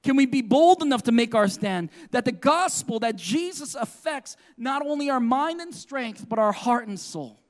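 A man's voice: very high voice, animated, moderate pace, hardly any pauses. A male pastor preaching a sermon in an earnest way, often putting questions to the congregation.

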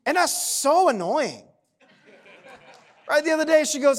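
A man's voice: very high voice, sing-song, unhurried. A man preaching a sermon in a conversational, humorous way, often checking in with "right?". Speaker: pastor.

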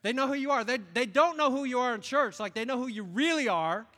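A man in his late fifties from upstate New York, preaching a sermon in an animated storytelling way. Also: extremely high pitch, fast. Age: late 50s. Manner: animated storytelling, acts out quoted voices. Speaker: pastor. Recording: long reverb of a large hall.

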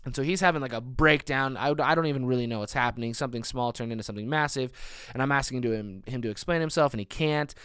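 Male pastor, 30s, sermon delivery; smooth resonant voice, emphatic rises and soft drops. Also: mid-range voice, fast talker, no room sound, clean studio sound. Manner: earnest, builds to emphatic peaks then drops soft.

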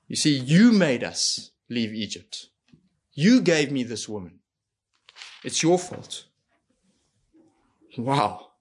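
A man's voice: mid-range voice, very animated, takes it slowly, pauses often, husky. A man preaching a sermon in an earnest way, asking rhetorical questions and acting out quoted lines. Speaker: pastor.

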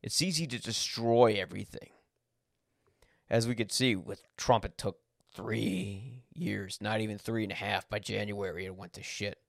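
Blunt, gravelly-voiced man ranting. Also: lowish voice, steady tone, moderate pace, no room sound, studio quality. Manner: blunt, swears when angry, corrects himself. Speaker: podcast host. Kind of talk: unscripted personal monologue.

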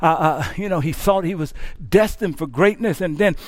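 Preaching at a normal speed in a high voice, a male pastor swings between near-whispers and impassioned shouting. As he builds intensity, he trips over repeated words. The recording is close and dry, with no echo or room around it.

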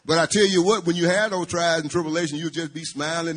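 Husky preacher man calling to his church. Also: fairly high pitch, little pitch movement, fast talker, fairly bright tone. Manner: call-and-response, calling out to the congregation. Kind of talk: church sermon.

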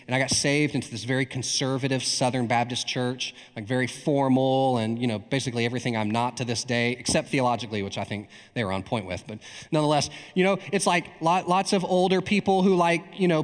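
Preacher man with a booming hall echo. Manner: animated storytelling, frequent "right?" asides. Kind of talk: storytelling sermon. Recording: long reverb in a large hall.

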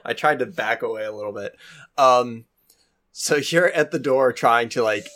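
A woman narrating as game master of a tabletop game, in a relaxed way with fillers and hedges. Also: rumbling low, normal speed.

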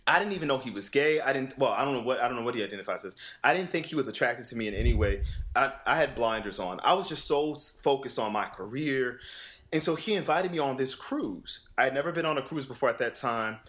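A vocal coach in casual conversation, telling a story with lots of acted-out dialogue, laughing often and swearing casually. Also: male voice, medium pitch, quick pace. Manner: animated, acts out quoted dialogue with voice shifts.

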